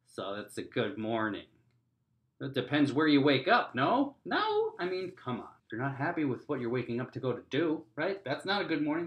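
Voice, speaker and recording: A man hosting a podcast, telling a comedic story in an animated, exaggerated way, jumping up in pitch and volume for punchlines. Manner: animated, exaggerated, rising to near-shouts for punchlines. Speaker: podcast host.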